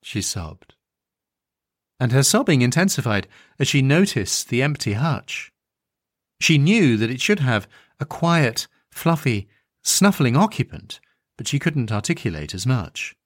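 Male narrator, slow and deliberate, pitch moves a lot, dry sound. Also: very animated, no echo. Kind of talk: literary story reading.

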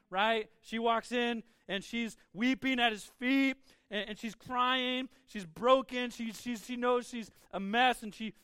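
A man pastor giving a conversational sermon, energetic and informal, often repeating words and asking "right?". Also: sits high, clear, resonant tone, no room sound, clean studio sound. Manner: swings into quiet acted voices for quotes.

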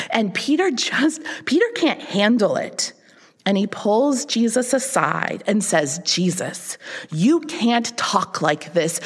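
A woman pastor delivers a sermon at an unhurried pace. She tells the story earnestly and often repeats a word as she restarts a phrase. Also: medium pitch.

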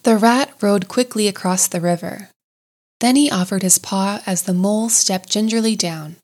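Gentle woman reading a storybook. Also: mid-range voice. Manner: gentle, unhurried, expressive. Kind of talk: scripted storybook narration.

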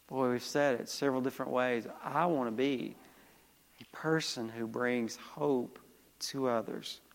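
A man's voice: mid-range voice, long reverb tail. A male pastor preaching a sermon with emphatic delivery, calling out to the congregation for responses.

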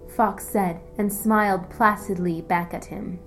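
A woman narrating a fantasy audiobook in a measured, descriptive way. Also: medium pitch, fairly even intonation, soft background music, low-quality recording. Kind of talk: scripted story narration.

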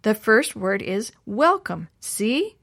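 A woman voicing an impatient, quick-tempered schoolboy who speaks snappily. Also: medium pitch, sing-song, creaky, fairly bright tone, heavily acted.

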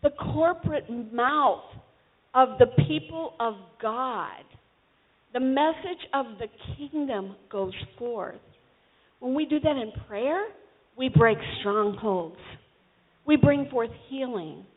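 High-voiced woman preaching, tinny sound. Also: expressive, slow, husky. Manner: conversational, exhorting the congregation. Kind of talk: sermon.

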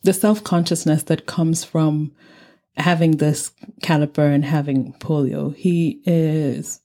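Female podcast host from Nigeria, low and mellow, measured explainer with an easy laugh. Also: fairly even intonation. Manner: measured, thoughtful, laughs lightly. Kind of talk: explanatory book-review talk.

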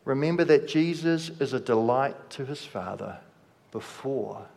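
A man preaching a sermon, slow and measured, letting his voice drop softly at the ends of phrases. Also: medium pitch, lively intonation, vocal fry. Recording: long hall reverb.

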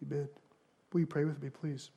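High-voiced male pastor preaching. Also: little pitch movement, brisk, vocal fry, breathy edge. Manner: builds to emphatic, louder passages then drops to quiet prayer; earnest, repeats phrases for emphasis. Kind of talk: sermon.

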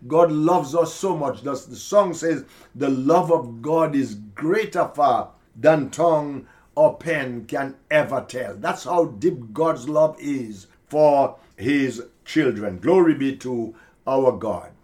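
A man preaching slowly and emphatically on a podcast, repeating key phrases for weight. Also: medium pitch, darkish tone. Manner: slow, emphatic preaching with repetition. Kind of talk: podcast sermon.

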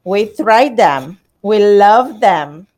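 Slow-speaking Romanian-accented woman. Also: medium pitch, expressive, a little mellow. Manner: non-native phrasing, many hesitations. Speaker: macaron shop owner. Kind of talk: interview answers.

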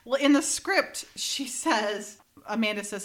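A woman's voice: a little high, measured pace, hardly any pauses, a bit bright. A woman co-hosting a casual podcast, recapping an episode, reading script lines aloud and laughing often. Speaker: podcast co-host.

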